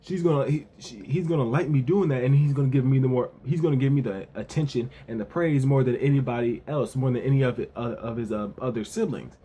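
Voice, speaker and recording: A man's voice: medium pitch, fast talker, hardly any pauses, slight background noise. A man giving a casual, loose spoken recap as a reviewer, leaning on fillers and repeating himself, sometimes raising his voice to act out characters' lines. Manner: relaxed, repetitive, with frequent verbal fillers; acts out characters' lines in a lightly raised voice. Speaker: anime and manga reviewer.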